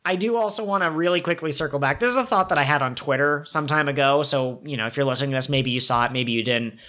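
A woman co-hosting a casual podcast chat, talking in a lively way and often acting out characters' lines in goofy voices. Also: deep voice, quick pace. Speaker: podcast co-host.

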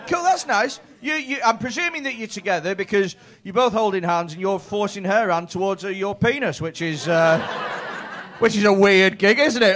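A man's voice: high-pitched, expressive, moderate pace, fairly bright tone. A man in his thirties doing stand-up crowd work in a comedy club, chatty and sweary with stammering restarts. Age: 30s.

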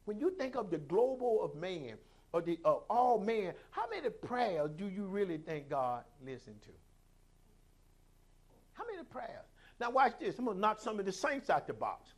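High-voiced preaching man. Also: big pitch swings, normal speed. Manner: preaching with call-outs, acting out quoted voices. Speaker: pastor. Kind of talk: sermon.

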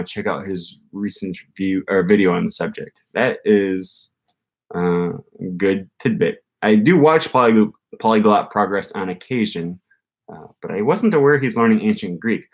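A man hosting a casual language-learning livestream, reading viewer comments and rambling with frequent restarts. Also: fairly low pitch. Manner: rambling, self-correcting, with frequent fillers and restarts.

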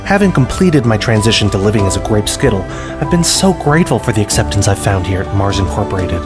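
A man voicing a meek, grateful grape-candy mascot in a comedy sketch ad with a squeaky, put-on voice. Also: very animated, fast, over music. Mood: earnest.

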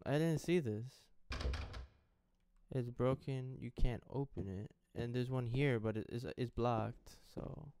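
A young man commenting casually as he plays through a horror game, reacting out loud, swearing and talking to the screen. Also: medium pitch, slow pace, clear, resonant tone. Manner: jumpy, swearing, talks to the game. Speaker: gaming streamer. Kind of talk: let's play commentary.

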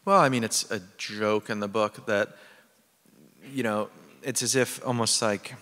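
A man's voice: on the low side, steady tone, measured pace, sharp tone. A man, an author, speaking in a thoughtful, rambling way during a stage interview in a theater. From United States. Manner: thoughtful, rambling, with fillers and restarts. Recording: long reverb of a theater hall.

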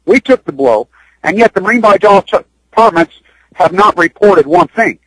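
A man's voice: sits high, lively intonation, moderate pace, fairly bright tone, no room sound, rough recording. A man speaking on a radio interview, urgent and rambling, repeating himself as he pushes his point. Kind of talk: impassioned radio interview talk. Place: Utah.

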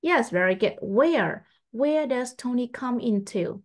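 A woman English teacher, patiently testing a young pupil and repeating her questions slowly. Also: fairly high pitch, animated. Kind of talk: online English test with a child.

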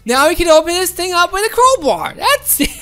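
A woman's voice: extremely high pitch, very animated, brisk, sharp tone, faint music behind. A woman giving casual gameplay commentary, playful and coaxing her teammates, often laughing. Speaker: gaming commentator.

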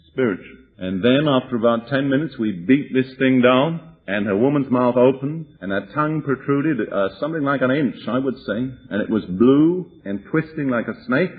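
A man's voice: medium pitch, slightly rough. A man preaching, giving a vivid personal testimony with dry humor. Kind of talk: sermon testimony. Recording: tinny lo-fi tape recording.

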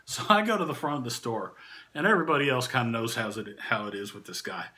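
A man casually telling a funny anecdote, animated and often laughing through the story. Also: medium pitch, fast. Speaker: channel host and storyteller.

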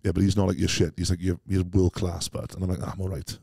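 Welsh man, very deep and dark-toned, rapid-fire rambling anecdotes, blunt and self-questioning; guest in a casual chat. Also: level tone, vocal fry, slightly rough, dry recording, clean studio sound. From Wales. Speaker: podcast guest. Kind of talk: casual interview storytelling.

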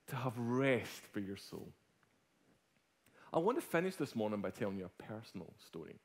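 A middle-aged Scottish man preaching a sermon as a guest speaker, telling a personal story with swings from hushed to loud. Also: on the low side. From Scotland.

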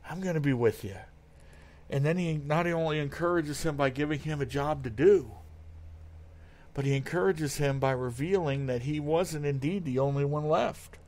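A man's voice: a little high, normal speed, darkish tone. A man preaching a sermon in an earnest way, reading verses aloud and often repeating words as he goes.

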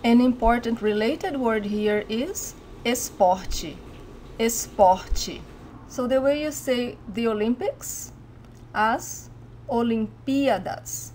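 A woman's voice: a little high, slow pace, a little mellow, slight background noise. Brazilian woman teaching pronunciation. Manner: clear, careful pronunciation drills. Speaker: Portuguese teacher. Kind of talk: language lesson to camera.

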